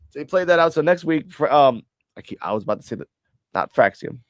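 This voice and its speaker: A man reviewing a wrestling show in casual podcast chat, swearing freely and animated. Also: on the high side, fast, no echo, clean studio sound. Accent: New York.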